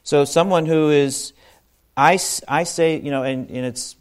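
A man's voice: fairly high pitch, measured pace, clear, resonant tone. A man giving an informal sermon to a congregation, talking conversationally with asides and restarts. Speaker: bible teacher.

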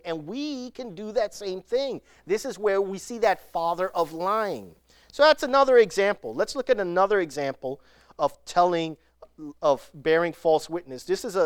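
Animated preacher telling scripture stories. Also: medium pitch, smooth, dry recording, clean studio sound. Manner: animated storytelling, acting out the scenes. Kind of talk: sermon.

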